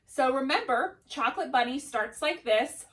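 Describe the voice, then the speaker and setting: A woman's voice: sits high, expressive, normal speed, fairly bright tone. A young adult woman teaching a drama lesson to children, enthusiastic and encouraging. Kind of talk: upbeat classroom lesson.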